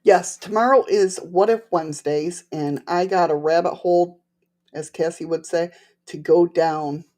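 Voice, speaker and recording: A woman's voice: lowish voice, fairly even intonation, unhurried, darkish tone. Chatty woman with a slight lisp. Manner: rambling and chatty, laughs often, talks to chat viewers. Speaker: livestream host. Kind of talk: casual livestream chat.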